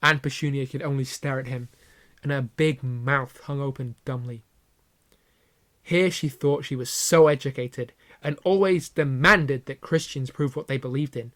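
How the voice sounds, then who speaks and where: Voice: mid-range voice, moderate pace, fairly bright tone. A YouTuber giving a comedic reading of fanfiction, with mock-dramatic narration and sarcastic asides.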